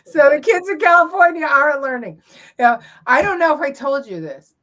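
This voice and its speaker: Chatty woman, loose unhurried talk with lots of ums and laughs, a bit high. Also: expressive, fairly bright tone. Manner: chatty, laughs often, trails off with fillers. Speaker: co-host reacting to viral videos. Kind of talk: casual chat.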